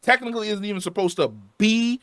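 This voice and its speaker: A man's voice: high voice, fast, a bit bright, no room sound, studio quality. A man reviewing a show in a heated, angry rant, swearing and repeating himself for emphasis, his voice wearing out. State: losing his voice.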